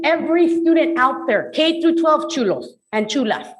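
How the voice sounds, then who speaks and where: Woman, public commenter at a board meeting; emphatic, stresses key words slowly. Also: high voice, very animated, poor audio. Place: school board meeting room at a podium.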